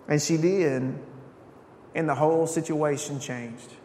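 A pastor preaches a sermon in a church sanctuary, telling it like a story in a conversational way and turning aside now and then to address the congregation. His voice is steady and somewhat dark, and he speaks slowly. The recording has the echo of a church hall and a faint rumble underneath.

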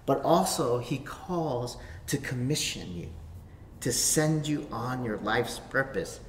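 Slow, bright-voiced pastor in an echoey hall. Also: male voice, mid-range voice, lively intonation. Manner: swings from hushed whispers to sudden shouts. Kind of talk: sermon preached to camera. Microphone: facing a camera. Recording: echoey hall, faint room noise.

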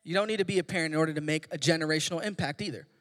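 A man's voice: a little high, racing. A young man, a kids pastor, preaching a casual, joking sermon full of slangy stories. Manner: animated, joking, slangy storytelling. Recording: long hall reverb.

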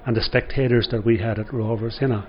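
A man's voice: medium pitch, fairly even intonation, quick pace. Older irish guy rambling through old football stories, lots of "you know", dull recording with a bit of hiss behind. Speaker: former footballer guest. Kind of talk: storytelling interview.

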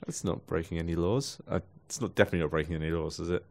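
Lower-voiced co-host, teasing. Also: male voice, fairly even intonation, rapid-fire, gravelly. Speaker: podcast co-host. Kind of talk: casual chat.

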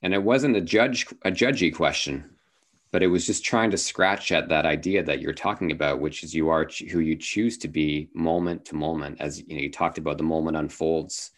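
A man hosting a podcast, answering his guest in a calm, reflective, affirming way. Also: rumbling low, moderate pace. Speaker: podcast host. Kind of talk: reflective conversation.

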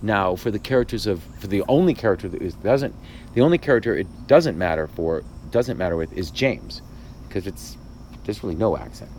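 A man's voice: fairly low pitch, brisk, a little hiss or hum. A man, a playwright hosting a podcast, speaking thoughtfully in casual conversation with frequent restarts. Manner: thoughtful, restarts often, animated asides.

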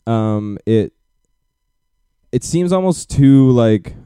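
A man's voice: medium pitch, lively intonation, very slow, warm tone, smooth, no room sound, studio quality. A young man hosting a podcast, chatting casually and rambling with many fillers and restarts. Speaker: podcast host. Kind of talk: casual chat.

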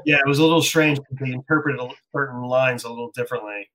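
A man, a screenwriter, chatting casually in an interview, relaxed and a little hesitant as he tells stories. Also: mid-range voice, very fast, poor audio.

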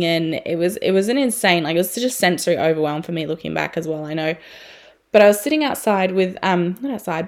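A woman in her thirties hosting a podcast, talking frankly and chattily, swearing freely with lots of fillers. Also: fairly low pitch. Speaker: podcast host. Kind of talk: candid personal podcast monologue.

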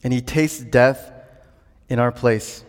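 A man's voice: medium pitch, fairly even intonation, slow. A man preaching a sermon earnestly, building to emphatic declarations. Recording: long hall reverb.

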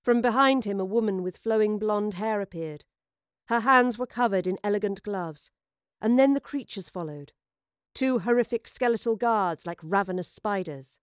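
A woman narrating an audio drama in a measured, dramatic storytelling manner. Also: medium pitch, clear, resonant tone, dry recording, studio quality.

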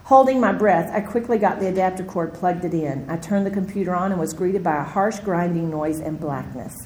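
Animated woman teaching a Bible study. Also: lowish voice, a little fast, low-quality recording. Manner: animated storytelling, acts out her own panic. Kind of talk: Bible study lecture with personal stories.

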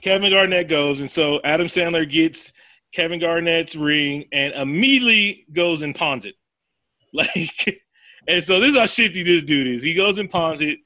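Male co-host, slightly high and bright, dry close sound, rambling profane storyteller. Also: normal speed, no room sound. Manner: animated, profane storytelling with acted quotes. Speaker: podcast co-host. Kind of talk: casual chat, retelling a film plot.

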